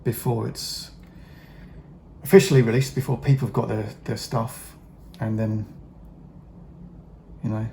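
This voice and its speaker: A man's voice: lowish voice, steady tone, a little slow, vocal fry, pauses often, warm tone, slight background noise. A middle-aged man chatting casually while he paints miniatures, rambling with many fillers, wry asides and the odd swear word. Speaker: hobby vlogger painting miniatures.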